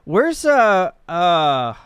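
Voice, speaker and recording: A man from Missouri talks slowly in a smooth, clear voice, rambling and cracking easygoing jokes as he operates his ham radio. It is a dry, close recording with no room sound. He sounds like an amateur radio hobbyist thinking aloud on a casual live stream. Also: high voice, very animated, a bit bright, no echo. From Missouri, USA.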